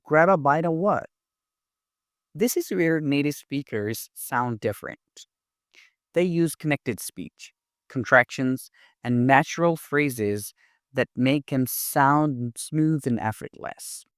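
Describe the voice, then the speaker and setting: A man giving a scripted English lesson in a clear, deliberate, instructive way. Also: mid-range voice, no room sound, studio quality. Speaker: English teacher.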